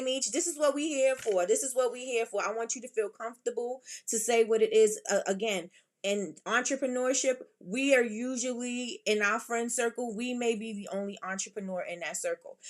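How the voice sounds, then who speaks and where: A woman's voice: medium pitch, a bit bright. Emphatic woman hosting a livestream chat. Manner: emphatic, repetitive, preachy advice. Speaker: livestream host. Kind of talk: casual livestream chat reading comments.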